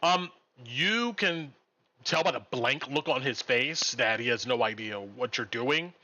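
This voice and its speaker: A man running a live-streamed tabletop game, narrating the scene in a bright, animated voice that swings up and down. He fills pauses with frequent "um"s as he describes each moment. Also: medium pitch. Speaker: game master.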